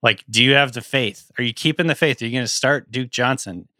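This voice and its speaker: A male podcast co-host who rambles through analysis with lots of fillers. His voice is bright and forward, recorded dry and close on a studio microphone. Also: mid-range voice, a little fast, dry recording. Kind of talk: casual chat.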